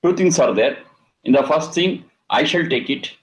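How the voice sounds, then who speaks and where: A man teaching a scripture lesson. He explains Sanskrit words slowly and deliberately, and he repeats and chants the terms. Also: fairly high pitch, animated, rough recording. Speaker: Vedic teacher.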